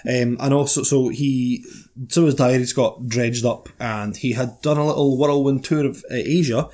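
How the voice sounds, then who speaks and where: A man's voice: mid-range voice, steady tone, normal speed, mellow. A man co-hosting a podcast, chatting casually with dry, pedantic teasing. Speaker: podcast co-host. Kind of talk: casual chat.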